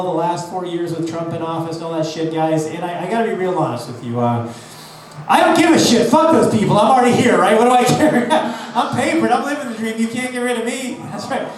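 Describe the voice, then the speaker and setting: Over background noise, a high-pitched man from Los Angeles, USA, works a live comedy audience with a brash, profane set of self-mocking jokes. The mic is distant, the room echoes, and the audience's laughter comes through.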